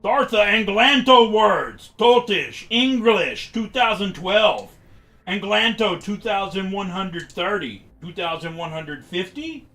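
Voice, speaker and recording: A man voicing a confused woman from the future who speaks halting, broken English. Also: high voice, expressive, a bit bright, voice pushed up, heavily acted. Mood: halting, puzzled. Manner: halting, fragmented speech.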